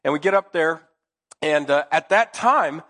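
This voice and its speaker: A middle-aged male pastor preaching a loose, conversational sermon while nursing a cold, cracking jokes with the congregation. His voice sits a little high for a man. The long reverb of a church hall trails behind his words. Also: lively intonation, unhurried, a bit bright. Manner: chatty, joking, conversational. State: has a cold. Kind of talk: casual sermon.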